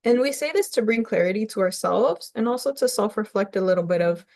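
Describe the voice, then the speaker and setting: A woman's voice: mid-range voice, animated, a little fast, creaky, a little mellow, no room sound. A woman family counselor giving a conversational presentation to parents, often checking in with "right?".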